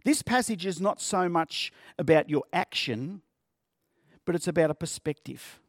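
A man's voice: on the high side, animated, a little slow, dry recording, studio quality. A male pastor preaching a sermon in an earnest, conversational way, often repeating words and asking the congregation questions.

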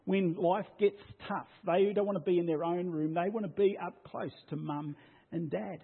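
A man preaching a sermon as pastor, swinging from loud declarations down to a hushed near-whisper. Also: high voice, steady tone, normal speed, gravelly, husky. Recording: tinny phone-like sound.

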